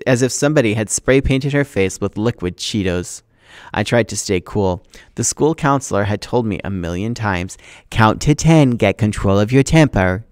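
A man's voice: lowish voice, dry recording, studio quality. A man teacher reading a novel aloud to his class, acting out the dialogue with expression.

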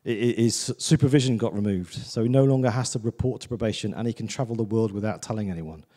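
A man's voice: on the low side, quick pace, warm tone, in a large hall. A man preaching a sermon in a church, in a chatty, conversational way, often asking "do you know what I mean". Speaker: visiting preacher.

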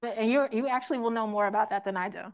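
Brief: young woman, highish voice, lecturing a group, asks questions, acts out quotes. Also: very fast, smooth. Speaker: teach-in speaker. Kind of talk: interactive classroom lecture.

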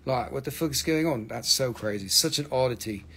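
Man, mid-pitched voice, casual live sales stream, profane, animated, ranting then joking. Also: brisk, creaky, slight background noise. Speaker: host selling minerals on a live stream.

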